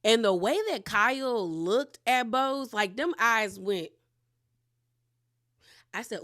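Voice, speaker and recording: A woman's voice: on the high side, animated, slow, pauses often, sharp tone. Chatty woman recapping reality TV gossip. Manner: chatty, gossipy, frequent "like" and "girl". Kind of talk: casual recap chat.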